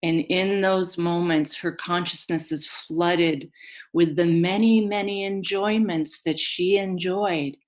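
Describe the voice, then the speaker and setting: Slow, low-voiced woman storyteller. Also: steady tone. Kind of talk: mythic storytelling.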